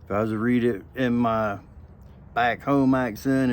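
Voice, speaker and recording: A man reviews pipe tobacco in a relaxed, rambling way. He takes his time and drifts into jokey asides. His voice sits at an ordinary pitch. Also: a little slow. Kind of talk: casual video review.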